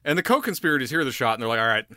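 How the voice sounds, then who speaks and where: Animated man telling a story. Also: on the high side, rapid-fire, dry recording, clean studio sound. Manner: animated, laughing, acts out characters' lines. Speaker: podcast co-host. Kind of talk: casual storytelling chat.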